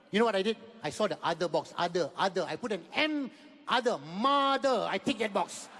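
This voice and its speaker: A man in his fifties with a Malaysian accent, performing an animated stand-up comedy set and repeating words in rapid bursts. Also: high voice. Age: 50s. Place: large venue with live audience. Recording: echoey hall with audience noise.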